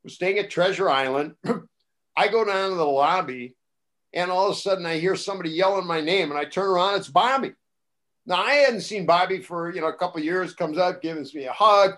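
An older man, a former wrestling broadcaster, telling casual stories on a talk show and acting out the voices of the people he quotes. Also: brisk. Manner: animated, acts out quoted voices with rising pitch and loudness. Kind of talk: casual anecdotal storytelling.

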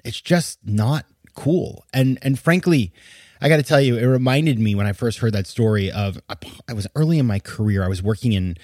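A podcast host with a mid-range, darkish voice talks at normal speed, offering emphatic, exasperated casual commentary and laughing now and then. The recording is dry and clean, studio quality.

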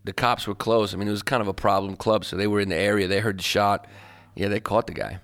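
A man's voice: fairly low pitch, steady tone, fast talker, a bit bright. A man, a stand-up comedian, telling his story casually in an interview with loose fillers and laughs.

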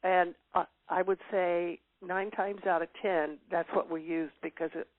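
A woman's voice: lowish voice, fairly even intonation, a little slow, dry recording. An older woman chats as an interview guest, reminiscing at length with plenty of "uh"s and easy laughter. Her voice comes through a tinny, phone-like line, dry and close, with no room sound. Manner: reminiscing, warm laughs, many fillers. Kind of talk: casual interview chat.

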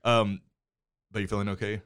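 A middle-aged father with a fairly low, smooth and resonant voice, co-hosting a podcast. He chats casually, teases his son and laughs easily, a little bossy when he explains. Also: little pitch movement, moderate pace, fairly bright tone. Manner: teasing, bossy, laughs often. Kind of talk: casual chat about movies and TV. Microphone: headphones and studio mic.

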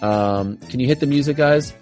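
A man's voice: mid-range voice, moderate pace, loud music behind the voice. A man hosting a casual sports talk show, getting worked up as he tells stories and reading sponsor spots with mock seriousness. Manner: animated, gets worked up, reads ads with mock gravity. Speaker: podcast host. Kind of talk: casual sports chat with ad read.

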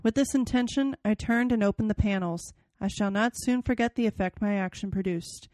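A woman's voice: mid-range voice, a little fast, darkish tone, no echo. A woman hosting a podcast, chatting casually and reading a novel passage aloud with dramatic expression. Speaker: podcast host.

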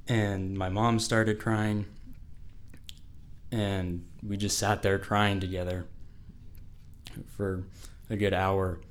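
A man's voice: low voice, level tone, unhurried. A teenage boy telling a personal story to an audience, casual and full of "like.". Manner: casual, fills speech with "like".

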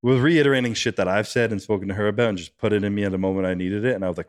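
A man's voice: fairly low pitch, rapid-fire, no echo. A man talking as a podcast guest about his competitions, rambling with lots of "like" and casual swearing. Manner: rambling, fillers of "like", frequent swearing.

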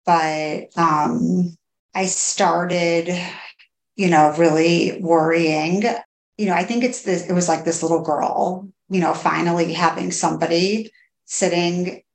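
A woman in her thirties tells her own story in a halting, candid way, stopping and restarting and leaning on fillers. Her voice sits low and carries a gravelly edge. The recording has the echo of a bare room. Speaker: podcast guest. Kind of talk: candid personal interview. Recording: echoey room.

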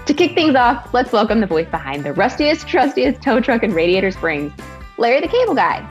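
A woman's voice: on the high side, big pitch swings, a little fast, soft background music. A woman hosting an entertainment interview, bubbly and gushing as she introduces guests. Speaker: show host. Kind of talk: upbeat presenter interview.

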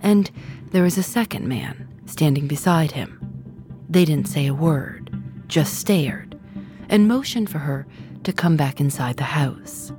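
A woman hosting a podcast, giving measured scripted narration. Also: low-pitched, animated. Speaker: podcast host. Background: music.

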